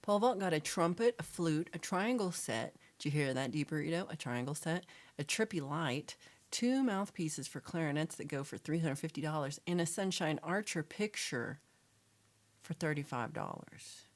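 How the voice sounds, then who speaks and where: A woman from Texas hosting a casual livestream chat, reading viewer comments in a chatty, animated way and sometimes dropping to a whisper. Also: sits low, normal speed. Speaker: livestream host.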